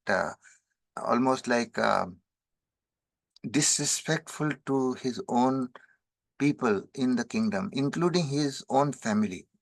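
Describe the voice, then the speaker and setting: Guy teaching scripture, rattles off verses fast then explains slow, mid voice, dry sound. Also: medium pitch, gravelly, no echo. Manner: chants verses rapidly, then explains in measured English. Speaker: spiritual teacher. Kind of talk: scripture commentary.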